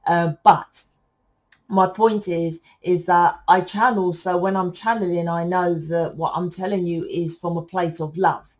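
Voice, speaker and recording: A woman, a tarot reader talking to viewers in a loud, rambling, casual spiritual monologue that keeps correcting itself. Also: lowish voice, fairly even intonation, measured pace.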